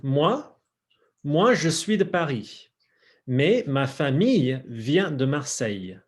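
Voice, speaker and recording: A man's voice: a little high, very animated, takes it slowly. A man reading a young French woman's lines from a textbook dialogue in his own voice. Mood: friendly. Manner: plain read-aloud.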